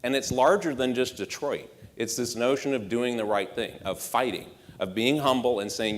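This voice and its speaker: A man's voice: mid-range voice, normal speed, hardly any pauses, a little hiss or hum. A man giving a conference keynote speech as a marketing executive, punchy and rhetorical with dry sarcasm. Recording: echoey hall reverb.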